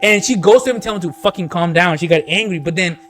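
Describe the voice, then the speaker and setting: A man's voice: high-pitched, fast talker, a bit bright. A man co-hosting a podcast, telling a story in rambling casual chat, laughing often and swearing freely. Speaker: podcast co-host.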